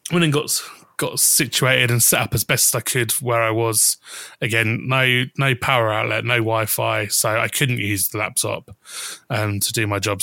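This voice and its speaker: Brief: man, podcast host, bright and dry close sound, rambling storyteller who restarts sentences and swears casually. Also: fairly low pitch, creaky, no room sound.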